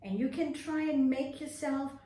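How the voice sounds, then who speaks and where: A woman drama teacher leading a nursery class online, giving slow, drawn-out instructions and stretching each word in a cheerful, encouraging way for small children. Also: high-pitched, dark tone, far from the mic. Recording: echoey room, voice away from mic.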